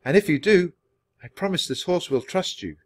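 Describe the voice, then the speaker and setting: A man voicing a cheerful, kind young girl in a storybook reading, talking brightly and earnestly. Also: fairly high pitch, animated, moderate pace, pitched above the performer's own voice.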